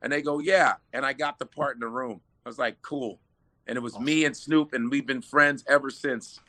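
A man, an actor being interviewed, chatting casually and telling lively stories with laughs. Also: mid-range voice, normal speed. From Nigerian parents. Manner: animated storyteller, laughs often. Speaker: actor guest.

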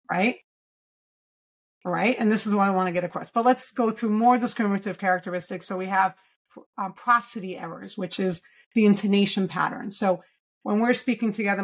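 A woman's voice: mid-range voice, a little fast. A woman in her forties, a children's speech therapist, explaining speech errors in a podcast interview and saying sample sounds aloud. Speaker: pediatric speech-language pathologist.

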